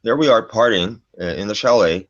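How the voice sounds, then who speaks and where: A middle-aged man with a low voice tells a story briskly as a guest in casual chat. He's profane and emphatic and ends lines with "man," and the recording is dull, lo-fi and dry.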